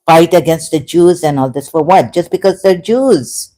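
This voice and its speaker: A woman streamer talks through her chat, scolding and complaining in a halting way, full of "uh" and "um". Her voice sits a little low and has a mellow, warm tone. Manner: halting, many fillers, indignant. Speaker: YouTuber. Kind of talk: live-stream commentary reading chat.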